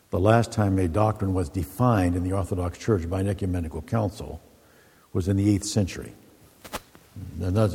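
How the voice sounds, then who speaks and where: Deep mellow preacher in a hall. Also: male voice, slightly rough. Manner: folksy storytelling, then measured teaching. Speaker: Orthodox priest. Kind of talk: sermon with opening jokes. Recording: echoey hall with long reverb.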